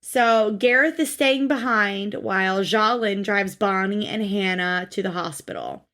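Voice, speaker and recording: A woman recaps a show with her co-host in loose, casual podcast chat. She is blunt and swears freely. Her voice sits at a middle pitch. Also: a little slow, a bit bright.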